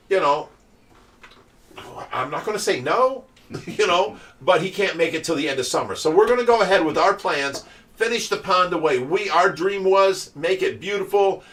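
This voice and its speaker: A man with a fairly high voice chats on a livestream and spins stories about his week. He laughs often and talks loosely. He sits a little back from the mic. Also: a bit bright. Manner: chatty storyteller who laughs often. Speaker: livestream host of a fish rescue. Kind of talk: casual livestream chat. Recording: voice distant from the mic.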